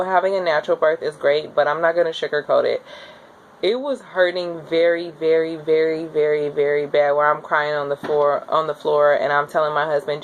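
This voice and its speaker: A young woman casually telling her own story to the camera, chatty and candid, with lots of fillers and lively acted-out quotes. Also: a little hiss or hum. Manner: acts out quoted voices with high jumps. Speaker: new mother telling her birth story.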